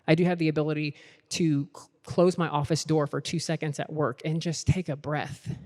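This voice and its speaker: A man's voice: on the high side, darkish tone. Earnest man preaching in a reverberant hall. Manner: earnest, repetitive, building to invitations. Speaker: conference speaker. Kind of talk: sermon. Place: large hall with a worship team. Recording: long hall reverb, faint music behind.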